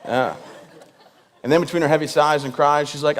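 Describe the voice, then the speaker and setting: A man's voice: on the high side, fairly quick. Joking veteran man telling stories on stage. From Michigan. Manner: joking, self-deprecating, playful; addresses the audience directly. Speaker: veteran speaker. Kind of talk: stand-up comedy storytelling.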